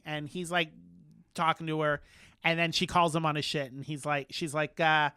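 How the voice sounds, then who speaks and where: Bright, animated man recapping TV. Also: on the high side, normal speed, clean tone, no echo, clean studio sound. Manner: animated recapping with playful quoted voices, many fillers. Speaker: podcast co-host. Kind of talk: casual chat, recapping a TV episode.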